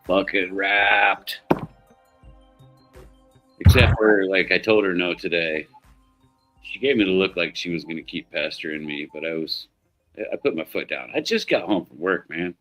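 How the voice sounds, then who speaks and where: A middle-aged man hosts a livestream, spinning rambling stories in casual chat, cursing freely and laughing a lot. His voice is deep with a fairly bright tone, and he talks unhurriedly with long pauses while faint music plays behind him.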